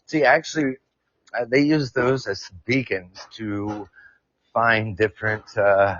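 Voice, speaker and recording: A man's voice: on the low side, takes it slowly, fairly bright tone, no room sound, highs cut off. A man hosting a live podcast, explaining science casually, stumbling over words and joking with his chat. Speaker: podcast host. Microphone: new earphones mic.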